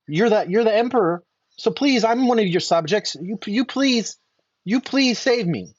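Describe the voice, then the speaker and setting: A man's voice: high voice, expressive, normal speed, dry recording, pitched above the performer's own voice. A man voicing a tiny, frightened male baby fish that pleads and repeats itself as it begs for help. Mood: pleading. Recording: dull lo-fi dry recording.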